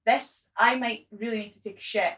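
A woman in her twenties telling an embarrassing story on a casual podcast, animated and sweary, laughing at herself. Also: a little high, moderate pace, distant mic, low-quality recording. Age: 20s. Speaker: guest.

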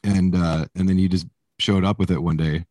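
A man's voice: sits low, fairly even intonation, normal speed, a little mellow, no room sound. A man being interviewed as a musician, telling stories in a rambling, casual way, swearing often and laughing as he goes. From Canada. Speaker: musician guest.

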